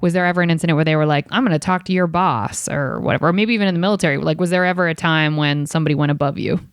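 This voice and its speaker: A podcast host asking quick, joking questions in a casual interview. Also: mid-range voice, clear, resonant tone, no room sound, studio quality.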